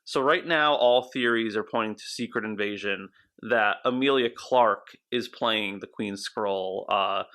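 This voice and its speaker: A man co-hosting a podcast who theorizes in an animated, rambling way, with frequent restarts. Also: fairly low pitch, a little slow, few pauses. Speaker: podcast co-host. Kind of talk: casual podcast chat.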